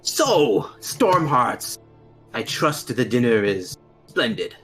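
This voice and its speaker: A man's voice: medium pitch, very animated, slow, over music, voice pushed up. A man voicing a shifty, ingratiating male fortress master in a tabletop game, fawning over his guests and hurrying through nervous denials. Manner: fawning, then flustered denials.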